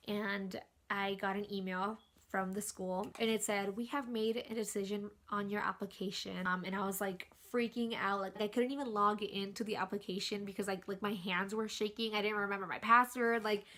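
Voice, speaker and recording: A woman's voice: medium pitch, bright, forceful tone. Chatty young woman vlogger. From California. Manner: chatty, lots of "like" fillers. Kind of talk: casual storytelling to camera.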